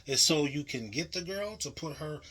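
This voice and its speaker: Bright-voiced man in slangy reaction chat. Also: fairly high pitch, moderate pace, poor audio. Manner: animated, slangy, restarts to make a point. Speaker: podcast co-host.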